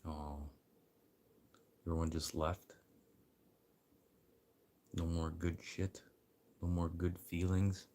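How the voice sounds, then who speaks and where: A man rambling casually to his livestream viewers, swearing freely and swinging from low mutters to loud encouragement. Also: flat delivery, takes it slowly, pauses often, slight background noise.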